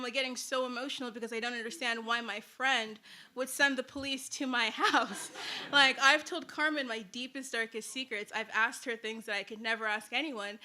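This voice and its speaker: Young woman telling a funny personal story, bright voice, kinda high, says like a ton and laughs along. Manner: chatty, many "like"s, laughs at own story.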